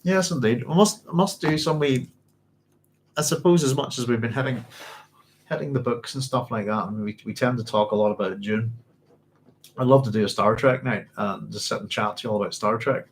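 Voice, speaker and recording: A man's voice: medium pitch, fairly quick. A man in the middle of his range chats casually to his live-stream viewers, chuckling as he goes. He rambles and reaches for names as he talks. Faint noise sits under his voice. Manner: rambling and chuckling, often searching for words. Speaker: livestream host reading viewer comments. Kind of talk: casual chat.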